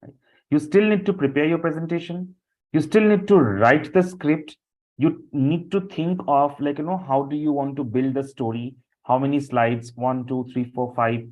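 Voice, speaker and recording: A man's voice: fairly high pitch, moderate pace, a little mellow. A man leading a live online training session over a video call, speaking loosely with frequent fillers and restarts. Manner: loose, repetitive talk with many fillers. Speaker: session instructor. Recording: dull lo-fi call audio.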